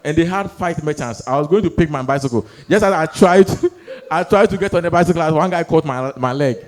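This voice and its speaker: A young man doing stand-up storytelling on stage, animated, acting out voices and laughing through his lines. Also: a little high, fairly quick. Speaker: stand-up comedian. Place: comedy stage before a live audience.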